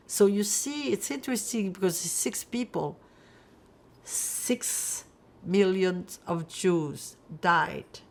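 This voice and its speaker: An older woman from France giving oral history testimony, reflective and halting, with many fillers as she searches for words. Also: mid-range voice, vocal fry. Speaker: Holocaust survivor interviewee.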